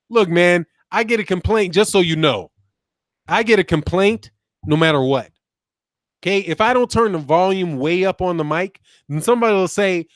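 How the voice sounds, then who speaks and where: High-pitched animated man ranting on livestream. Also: normal speed, pauses often, no echo. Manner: animated, laughing, profane, mocking commenters. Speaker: boxing channel host. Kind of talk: casual livestream talk reading chat.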